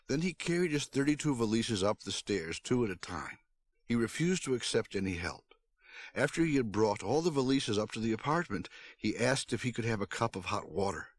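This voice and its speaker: A man narrating a storybook aloud on his stream, with an expressive read-aloud delivery. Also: medium pitch, fairly quick, dry recording. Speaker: streamer reading a book aloud.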